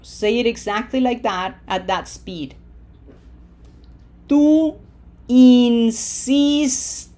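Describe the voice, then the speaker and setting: A woman teaching a slide-based Spanish lesson, modeling words slowly and clearly and checking in with "okay?". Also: medium pitch. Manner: slow, deliberate, drawls out Spanish models loudly for repetition, checks in with "okay?".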